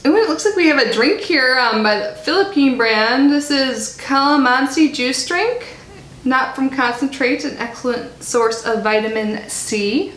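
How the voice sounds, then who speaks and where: High-voiced chatty woman unboxing snacks. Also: lively intonation, measured pace, a bit bright. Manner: chatty, reads labels aloud, chews while talking. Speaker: subscription box reviewer. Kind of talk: casual unboxing vlog. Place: home in Florida. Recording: echoey room with faint noise.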